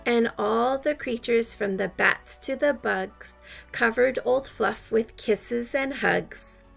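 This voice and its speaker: A woman reading a rhyming picture book aloud in a slow, rhythmic delivery. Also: a little high, vocal fry, a bit bright, soft background music. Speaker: storybook reader.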